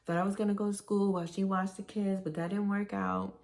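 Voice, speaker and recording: A woman's voice: medium pitch, level tone, brisk, darkish tone. A middle-aged woman, telling rambling, nostalgic stories in a casual vlog. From Brooklyn, New York. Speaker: vlogger.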